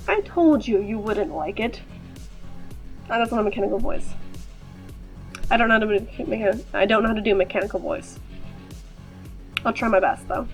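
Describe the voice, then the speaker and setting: A woman's voice: mid-range voice, rough recording. A woman hosting a gaming video, reading the game's text aloud and breaking off for chatty, joking asides. Her voice sounds slightly off, as if just over a cold. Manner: playful, chatty asides between read-out passages. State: voice slightly off after a recent cold.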